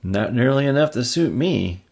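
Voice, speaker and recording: A man's voice: mid-range voice, expressive, normal speed, creaky, voice pushed up. A man doing a sweet frail old aunt. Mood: doting. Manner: gentle, doting.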